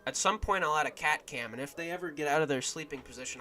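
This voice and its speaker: A man casually commenting while he plays a game on stream. He thinks out loud, trails off and starts his sentences over. His voice is bright and a little high, with quiet game music underneath. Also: fast. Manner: musing aloud, trailing off and restarting.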